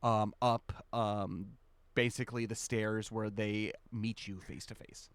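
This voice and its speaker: A man's voice: on the low side, little pitch movement, slow, clear, resonant tone, no echo. A man narrating as game master of a tabletop game, rambling with many fillers.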